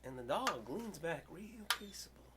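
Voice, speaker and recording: A man's voice: fairly high pitch, big pitch swings, a little slow, heavy background noise. Older man telling a dramatic story poem. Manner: dramatic, swinging from loud outbursts to hushed whispers.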